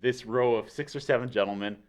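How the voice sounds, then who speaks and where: A man's voice: mid-range voice, brisk. A Canadian man with a Canadian accent, hosting a casual podcast chat and telling stories with acted-out quotes. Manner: animated storyteller, acts out quotes. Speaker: podcast host.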